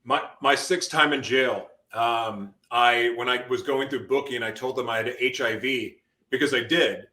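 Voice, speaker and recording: A man's voice: mid-range voice, moderate pace, few pauses, pushed and bright. A man in an interview telling an intense personal testimony, his voice rising into sudden emotional outbursts. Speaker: guest.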